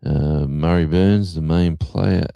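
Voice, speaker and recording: A man's voice: low voice, fairly even intonation, takes it slowly, vocal fry, warm tone, smooth, no echo, dull audio. A middle-aged man hosting a livestream, chatting casually and rambling with lots of fillers. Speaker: livestream host.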